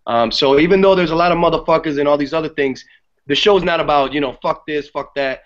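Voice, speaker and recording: A man guesting on a podcast, talking about a play in casual, animated chat and swearing freely. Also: a little high, fast talker. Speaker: theater guest. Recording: dull lo-fi podcast audio.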